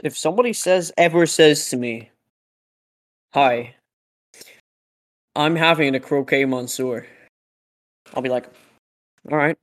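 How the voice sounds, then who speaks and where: A man's voice: fairly high pitch, a little slow, long pauses, a bit bright. Young man rambling with friend on podcast. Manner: rambling, lots of 'like', laughs. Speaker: podcast co-host. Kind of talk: casual chat.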